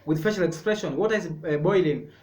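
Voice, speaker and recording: A man teaching a sign language lesson, explaining each sign slowly and repeating words step by step. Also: on the high side, a little mellow, soft background music. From Kenya. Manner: slow, repetitive, explaining step by step. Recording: echoey room.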